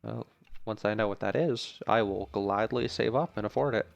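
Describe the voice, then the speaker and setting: Low gravelly gamer talking through a playthrough. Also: male voice, moderate pace, muffled recording, faint music behind. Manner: chatty, jokey, thinks aloud. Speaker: gaming channel host. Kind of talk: let's play commentary.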